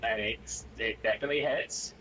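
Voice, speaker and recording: A man's voice: medium pitch, moderate pace, pushed and bright, a little hiss or hum, poor audio. A man narrating as game master of a tabletop game on a live stream, talking casually with plenty of fillers.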